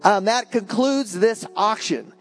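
A man's voice: high voice, animated, takes it slowly, pitched above the performer's own voice, heavily acted, rough recording. A man voicing a male auctioneer calling out for bids to a room, in a sermon story.

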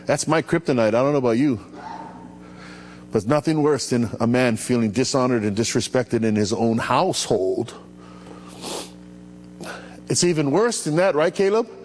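Animated pastor preaching in a hall. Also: male voice, medium pitch, moderate pace, long pauses. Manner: animated, calls out to the congregation. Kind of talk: sermon. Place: church hall. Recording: echoey hall with faint hum.

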